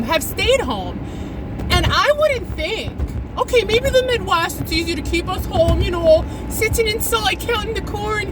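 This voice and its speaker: A woman rants sarcastically at the wheel of her car, her high voice swooping up and down. Loud road noise hums behind her. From New York. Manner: animated, sarcastic ranting. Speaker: comedy vlogger. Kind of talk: talking to herself while driving. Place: inside a car while driving.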